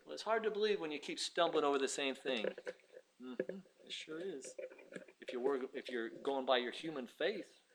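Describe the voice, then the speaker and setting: A man preaching a sermon, dropping to quiet asides and rising to loud, impassioned passages, acting out pleading voices in dialogue. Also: moderate pace, background noise. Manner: swings from low asides to loud shouted preaching.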